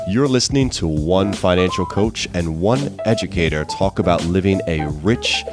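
A man's voice: deep voice, animated, moderate pace, few pauses, over music. A young adult man co-hosting a podcast with his wife, upbeat and joking in easy banter. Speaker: podcast co-host. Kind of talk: casual podcast chat.

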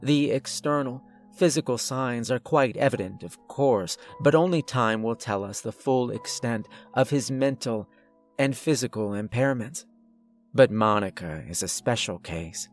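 A man's voice: mid-range voice, faint music behind, natural voice. A man doing a coldly polite asylum doctor. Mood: clinical. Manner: polite, measured, conversational. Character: calm, clinically detached male asylum doctor, menacing.

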